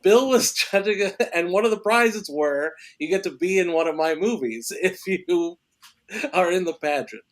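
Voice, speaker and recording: A male actor and filmmaker, a guest on a podcast, telling an animated anecdote and laughing often as he talks. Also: high voice, moderate pace. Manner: excitable, laughs often while storytelling.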